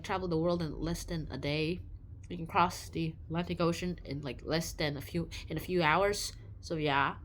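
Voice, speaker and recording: A woman giving a casual, rambling book summary, animated and full of restarts. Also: fairly low pitch, a little hiss or hum. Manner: animated, rambling, with many restarts and playful voices. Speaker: book reviewer.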